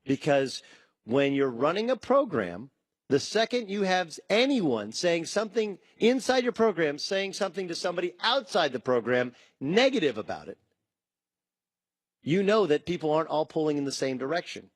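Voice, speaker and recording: A man hosting a sports talk show, talking in a fairly high voice. He riffs with energy and slips into different voices when he quotes people. The sound is dry and close, with no room around it. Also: moderate pace, no echo. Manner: animated, acts out quotes in shifting voices. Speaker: sports talk radio host.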